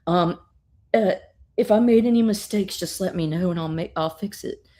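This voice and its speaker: A woman's voice: lowish voice, normal speed, natural voice. A woman doing an earnest young superheroine. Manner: polite and helpful, turns goading and loud.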